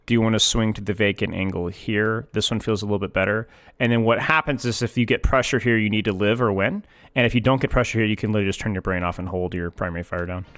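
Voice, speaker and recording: A man's voice: fairly low pitch, quick pace, few pauses, fairly bright tone. A man coaching a player through a gameplay replay, emphatic and often repeating his points several times. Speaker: game coach.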